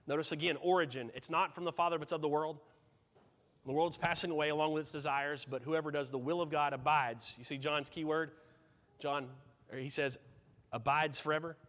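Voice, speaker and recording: A high-voiced man preaching to his congregation, posing earnest questions and hammering home emphatic points. His voice rings out into a church hall with a long reverb tail. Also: a bit bright. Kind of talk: sermon. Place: church sanctuary.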